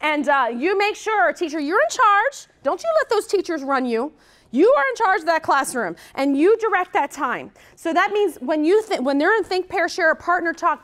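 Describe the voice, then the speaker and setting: Woman, high voice, energetic workshop presenter, chatty. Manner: energetic, chatty, says "okay?" often. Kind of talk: conference workshop talk. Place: conference room.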